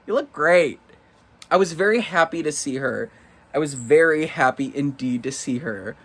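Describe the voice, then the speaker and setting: A man hosting a casual solo monologue. He is campy and swears freely, and sometimes breaks into shrill mock voices. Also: expressive, normal speed, a bit bright. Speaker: podcast host.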